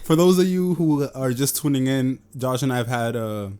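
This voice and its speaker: A man from New York co-hosting a podcast in casual chat. His voice sits at a middle pitch, and he jokes around with easy profanity. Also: animated, moderate pace, dark tone, clean tone. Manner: joking, profane banter. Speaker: podcast co-host.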